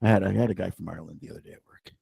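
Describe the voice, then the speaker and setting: A man's voice: sits low, very fast, vocal fry, warm tone, slightly rough, no room sound. A man who is a doctor co-hosting a casual chat show, playful and teasing. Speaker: doctor, co-host.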